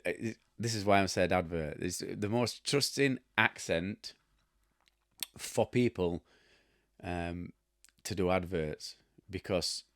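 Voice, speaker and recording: A low-pitched Yorkshire man in his fifties chats casually to camera, wandering from story to story with blunt asides and chuckles. His voice sounds close and dry, with no room around it. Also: no room sound. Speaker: host.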